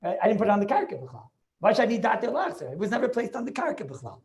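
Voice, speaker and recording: A man's voice: sits high, wildly swooping pitch, quick pace. Eager man reasoning aloud on a video call. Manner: eager, stacks questions and "right?" checks, restarts often. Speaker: Torah class participant.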